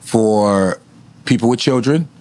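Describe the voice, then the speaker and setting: Guy kicking back as a podcast guest, cussing a lot, easygoing, middle-pitched voice. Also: darkish tone, slight background noise. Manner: laid-back, profane, slow and thoughtful. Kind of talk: casual chat.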